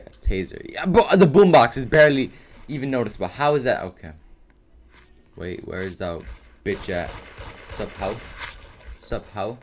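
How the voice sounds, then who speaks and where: Excitable, foul-mouthed gamer man. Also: mid-range voice. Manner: excitable, profane trash talk. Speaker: gaming video creator. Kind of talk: live gameplay commentary.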